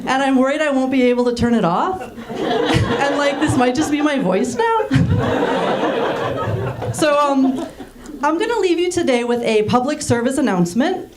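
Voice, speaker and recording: Woman stand-up comic, thirties, deadpan, slightly high voice, live audience laughing loudly. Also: moderate pace, long pauses, crowd noise. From Germany. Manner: dry, deadpan delivery with frequent ums. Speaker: stand-up comedian. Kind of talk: stand-up comedy set. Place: small theater stage.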